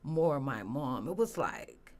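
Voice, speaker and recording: A woman's voice: rumbling low, very animated, slow pace. A woman, a guest candidly telling a personal story, often saying "you know". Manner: earnest, candid, many "you know" fillers.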